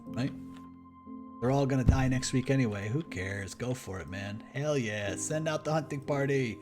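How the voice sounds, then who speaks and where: Guy playing a game and talking it through, casual, mutters to himself, soft music behind. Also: medium pitch, normal speed. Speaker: gamer and streamer. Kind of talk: let's-play commentary.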